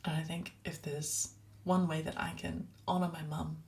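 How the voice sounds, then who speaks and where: Soft-spoken low-voiced woman podcast host. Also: little pitch movement, moderate pace, creaky. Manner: soft, often breaking into a hushed, whispery voice; earnest and personal, quoting scripture. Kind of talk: reflective solo podcast monologue.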